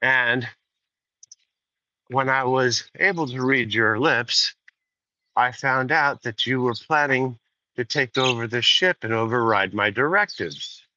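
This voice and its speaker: A man voicing a calm male spaceship supercomputer that refuses requests with slow, measured, cold politeness. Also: mid-range voice. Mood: coldly reasoning. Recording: dull lo-fi sound.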